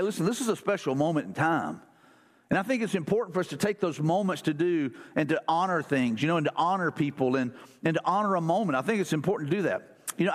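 A man's voice: high-pitched, big-room sound. A man preaching a sermon as pastor in a casual, conversational way. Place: church sanctuary.

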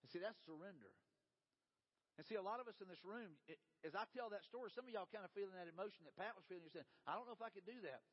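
A man preaching a sermon as a pastor, with a folksy storytelling manner, sinking into a soft, low voice for quotes. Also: lively intonation, very fast, slightly rough. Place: church sanctuary. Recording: dull reverberant church hall.

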